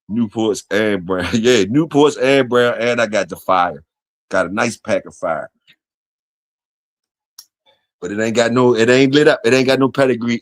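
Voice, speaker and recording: A man hosts a relaxed solo livestream and rambles through his chat. His talk is loose and full of profanity, and his voice sits at an average pitch. The sound is dry and close, with no room around it. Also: no echo. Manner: loose, profane, talks to chat and reads comments aloud. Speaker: livestream host.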